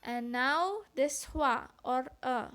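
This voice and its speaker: A woman giving a read-aloud lesson on phonetics. She explains carefully and deliberately, sounding out example syllables. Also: high voice, a bit bright. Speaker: student presenter.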